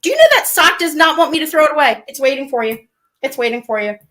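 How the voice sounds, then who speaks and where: A woman's voice: sits high, expressive, quick pace, a bit bright. A woman playing a melodramatic, weepy reality-TV woman in a live comedy parody, whiny and swinging into mock tears. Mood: dramatic.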